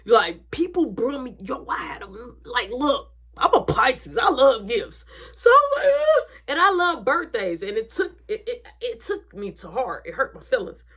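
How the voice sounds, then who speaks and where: A woman's voice: fairly high pitch, big pitch swings, a little slow, hardly any pauses, fairly bright tone, breathy edge. A woman telling a story in a casual, dramatic way, swearing freely.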